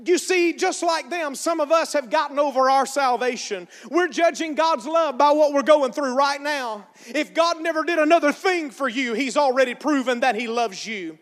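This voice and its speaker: A man pastor preaching a sermon to a congregation, calling for responses and building to shouts. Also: very high voice, moderate pace, few pauses, long reverb tail. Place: church sanctuary.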